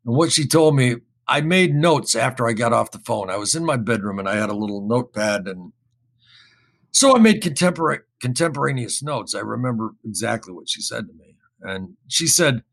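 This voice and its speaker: Gravelly, husky-voiced man telling a story. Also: mid-range voice, fairly quick. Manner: rambling, repeats words, animated when quoting others. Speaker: guest recounting an experience. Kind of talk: casual spoken storytelling.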